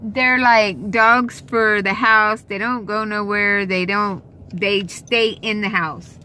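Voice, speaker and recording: A young woman rambles slowly to her phone camera, filling her talk with "um" and "you know" as she grumbles. Her voice is bright and lively, with a quick edge of exasperation when something annoys her. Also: medium pitch. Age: young adult. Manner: rambling, exasperated complaining with many fillers. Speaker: vlogger. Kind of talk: casual chat. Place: inside a car, later a store.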